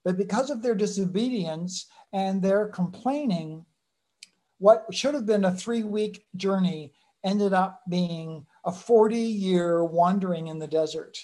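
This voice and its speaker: A woman's voice: mid-range voice, a little slow, dark tone. A woman giving a sermon in a conversational way, acting out short voices as she retells the story. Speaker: preacher.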